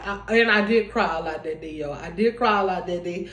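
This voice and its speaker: A young woman speaks at a medium pitch, rambling and restarting her sentences as she chats with her viewers. Her voice carries noticeable room echo. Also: fairly quick. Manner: rambling, restarts often, addresses viewers as y'all. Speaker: vlogger. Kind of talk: casual heartfelt vlog talk.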